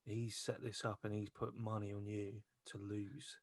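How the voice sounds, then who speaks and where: A man's voice: lowish voice, little pitch movement, measured pace, slightly rough, no echo. A man co-hosting a podcast, asking questions and making wry, swearing remarks in casual chat. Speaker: podcast co-host.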